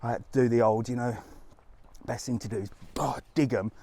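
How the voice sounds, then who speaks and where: A man's voice: medium pitch, steady tone, brisk, background noise. A man hosting a live travel stream outdoors on a resort street, chatting to viewers, ranting and laughing often, with some swearing.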